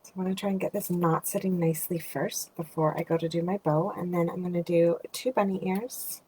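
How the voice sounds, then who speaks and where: A woman with a lowish voice walks through a card-making project in a relaxed, chatty way, talking to herself as she trims and ties. Now and then she sinks into a quiet murmur. A faint hiss runs under her voice. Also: a little fast, poor audio. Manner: chatty, thinking aloud while working, drifts into soft murmurs. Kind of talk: casual craft tutorial narration.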